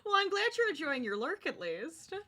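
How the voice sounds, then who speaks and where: A woman streamer chatting with her viewers while she crochets, bubbly and quick to giggle. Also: high voice, big pitch swings, sharp tone.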